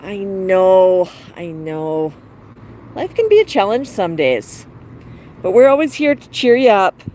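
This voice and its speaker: A woman's voice: mid-range voice, lively intonation, takes it slowly, dark tone, rough recording. A woman hosting a casual livestream with her pet bird, cooing baby talk to it and chatting with viewers. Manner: coos baby talk to the bird and reads out chat comments. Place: outdoor patio. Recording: outdoor traffic noise. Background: passing cars.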